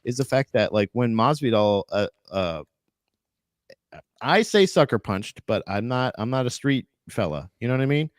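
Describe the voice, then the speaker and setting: Podcast co-host, man, mid-pitch, rambling delivery, dry close sound. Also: animated, moderate pace, no echo. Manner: rambling, many restarts, laughing asides. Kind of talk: casual chat.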